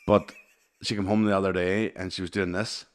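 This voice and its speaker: A man's voice: sits low, little pitch movement, brisk. A Northern Irish man in his thirties telling stories in a casual, sweary chat, laughing often. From Northern Ireland. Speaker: podcast host.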